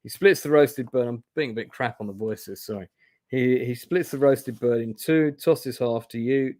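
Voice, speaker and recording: A chatty man reading a fantasy gamebook aloud on a live stream, breaking off for casual self-mocking remarks. His voice is mid-pitched and plain. The sound is dry and close, with no room echo. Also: expressive, moderate pace. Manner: chatty, self-deprecating asides. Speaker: host playing a gamebook live. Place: indoor room.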